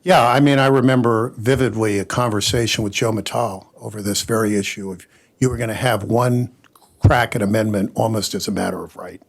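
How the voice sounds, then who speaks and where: Husky male lawyer, animated anecdotal panel talk. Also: on the low side, a little fast. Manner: animated storyteller, quotes others in character. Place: conference panel.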